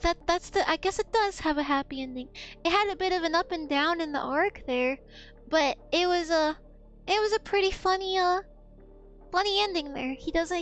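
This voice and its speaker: A woman's voice: very high voice, a bit bright. A woman streamer telling a story in a blunt, profane, rambling way. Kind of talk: casual storytelling on a gaming stream.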